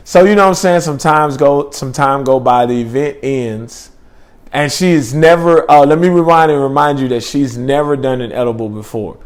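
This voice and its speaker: A young man telling a personal story in a laid-back, slangy, rambling way with lots of fillers. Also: mid-range voice. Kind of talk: casual storytelling.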